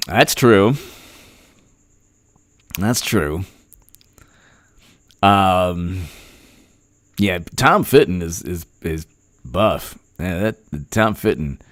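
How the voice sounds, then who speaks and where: A male host delivering sarcastic political commentary in a mocking, deadpan way. His pitch swings widely and his voice is smooth and resonant. The sound is dry and close. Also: takes it slowly, long pauses, no echo.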